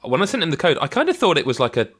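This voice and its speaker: A man's voice: on the high side, wildly swooping pitch, rapid-fire, fairly bright tone. A man hosting a podcast, chatting casually with stammered restarts. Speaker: host.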